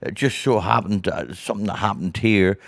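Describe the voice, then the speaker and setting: A man's voice: on the low side, fairly quick, creaky, no room sound. A man with a Northern Irish accent, a guest comedian telling stories in a casual interview and acting out other people's voices. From Northern Ireland. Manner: animated storyteller who acts out other people's voices.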